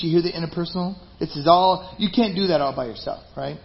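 A man's voice: a little high, fast, creaky, few pauses. A man preaching a sermon as pastor, emphatic and conversational. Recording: dull lo-fi recording.

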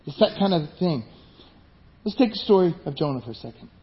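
A man preaching a sermon, animated, acting out the voices of people in his stories. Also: on the high side, a little fast, muffled recording. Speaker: pastor.

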